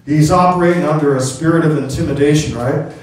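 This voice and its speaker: A middle-aged male pastor with a slightly high voice preaches a sermon quickly, telling stories and calling out "amen" to the congregation. The mic picks him up from a distance in a very echoey hall.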